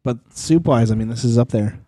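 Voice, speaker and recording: A man co-hosting a casual podcast, teasing and joking in a relaxed way. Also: medium pitch, a little fast, no room sound. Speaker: podcast co-host. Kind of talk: casual chat.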